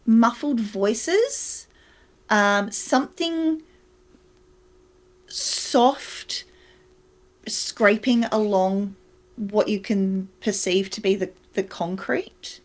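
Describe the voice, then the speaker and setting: Woman storyteller for a tabletop game, slow and halting, filler-heavy scene narration. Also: mid-range voice. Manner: unhurried, searching for words with frequent fillers.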